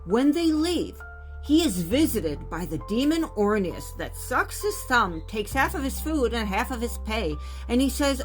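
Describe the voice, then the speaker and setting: A woman retelling an ancient legend in a casual, animated way with modern asides. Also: a little high, moderate pace, faint music behind. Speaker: storyteller.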